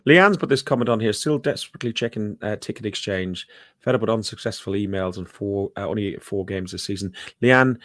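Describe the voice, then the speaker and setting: Brief: male host, lowish voice, dry close sound, hesitant and filler-heavy. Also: a little fast, a bit bright, no room sound. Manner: hesitant, many fillers, reads out chat comments. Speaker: podcast host. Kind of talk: casual football chat.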